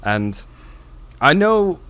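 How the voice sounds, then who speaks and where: A posh upper-class British gentleman speaks in a flat, unbothered monotone, as a man does the voice. He talks slowly and carries a little more volume than the everyday chat around him. The posh British accent stays clipped and proper. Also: a little high, clean tone, pitched above the performer's own voice, heavily acted. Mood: deadpan. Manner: deadpan monotone delivery.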